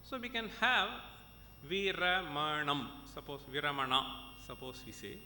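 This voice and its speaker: A man's voice: big pitch swings, fairly quick, pushed and bright. An Indian man, a professor, lecturing at a conference, explaining step by step and checking in with his listeners as he goes. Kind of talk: lecture with examples and recitation. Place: conference hall. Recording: echoey hall with faint rumble.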